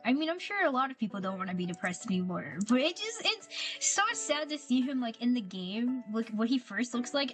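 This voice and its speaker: A higher-pitched woman streamer talks casually over her game, gushing and playful, tripping over and repeating her words. Soft game music plays faintly underneath. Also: very animated, fairly quick. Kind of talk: casual gameplay commentary.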